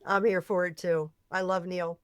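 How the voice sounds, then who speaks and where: A woman's voice: fairly low pitch, flat delivery, normal speed, no echo, clean studio sound. A woman co-hosting a podcast, playful and teasing in casual banter. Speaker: podcast co-host.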